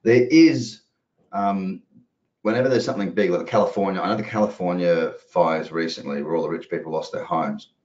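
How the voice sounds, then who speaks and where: A deep, darkish voice moves at a brisk clip as a trading educator gives live market commentary. His delivery is casual, rambling, talkative and peppered with swearing. It's recorded in dull, roomy lo-fi quality.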